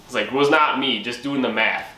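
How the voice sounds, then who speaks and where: Bright-voiced young man telling a comic story. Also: mid-range voice, normal speed. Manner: profane, laughing, acts out his own quotes. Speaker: channel host. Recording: echoey room with faint ambient noise.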